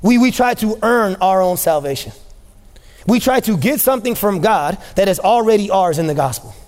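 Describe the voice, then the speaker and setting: High-voiced preaching man in a reverberant hall. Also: expressive, moderate pace. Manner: impassioned preaching, rising to shouts, repeats phrases for emphasis. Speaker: pastor. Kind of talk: sermon.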